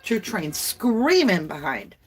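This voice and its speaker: A woman's voice: mid-range voice, very animated, slow, slightly rough, faint music behind. A woman, hosting a casual livestream tarot reading in a chatty, folksy way and addressing viewers as y'all. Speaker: tarot reader livestream host.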